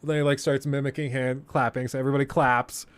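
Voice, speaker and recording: A man's voice: medium pitch, flat delivery, fast talker, clean tone, dry recording. A young man telling a story on a livestream, laughing often and acting out the people he quotes. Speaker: streamer.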